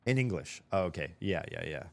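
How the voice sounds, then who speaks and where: Low-voiced rambling American male streamer. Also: sing-song, brisk, creaky. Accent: neutral General American. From United States. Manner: chatty, rambling, thinks aloud with restarts. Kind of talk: casual livestream chat while gaming.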